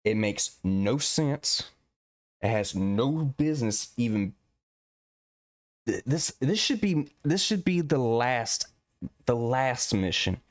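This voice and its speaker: A man's voice: mid-range voice, lively intonation, slow pace, long pauses, no room sound, clean studio sound. A man giving a profane, exasperated rant as a gaming commentator. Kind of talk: ranting video commentary.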